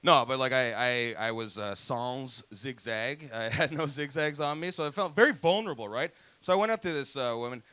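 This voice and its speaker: A man's voice: medium pitch, moderate pace, hardly any pauses, bright, forceful tone, no room sound. A man in his thirties from Toronto with a Toronto accent, performing stand-up comedy, profane, often laughing, acting out other voices. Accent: Toronto English. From Toronto, Canada. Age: 30s. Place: comedy club stage.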